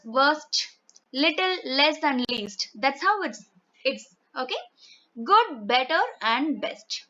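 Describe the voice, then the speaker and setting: Indian english lady teaching grammar over slides, high clear voice, says each example twice, kinda muffled lo-fi audio. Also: sharp tone. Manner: patient, repeats examples slowly word by word. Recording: dull lo-fi sound.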